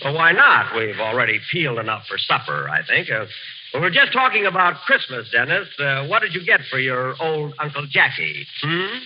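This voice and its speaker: A man hosting an old radio comedy, vain and easily indignant, stumbling over uh's. His voice swoops up and down and sits a little high. The broadcast is dull and lo-fi, with faint hiss. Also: huge pitch swings, normal speed. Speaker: comedian host.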